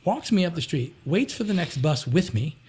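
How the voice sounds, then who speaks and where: A man tells a story as a podcast guest. His voice is fairly high and husky with some gravel. He swoops up and down in pitch, rambles, and keeps slipping into the voices of the people in his story. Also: moderate pace. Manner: animated, acts out other people's voices in his stories; rambling, with frequent restarts and "you know". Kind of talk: casual anecdote storytelling.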